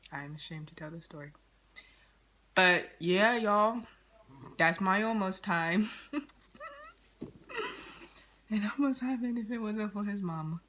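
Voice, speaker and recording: Brief: casual storytime vlogger, woman, dramatic and slangy, bright tone, faint noise behind. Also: fairly low pitch. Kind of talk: storytime vlog.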